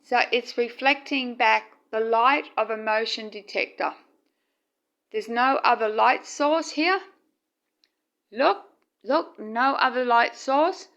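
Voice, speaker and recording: A woman with a high voice talks slowly and gently as she films indoors at night. Her words come soft and tender, and the phone recording sounds dull and lo-fi. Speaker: vlogger. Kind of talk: casual home video narration.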